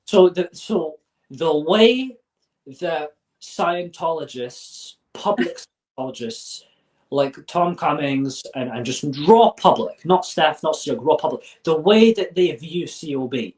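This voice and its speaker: A man's voice: on the high side, animated, a little slow, a little mellow. A man speaking as an interview guest, candid and blunt, often restarting his sentences and swearing. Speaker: interview guest, former member. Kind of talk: casual interview. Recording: voice sounds distant from mic.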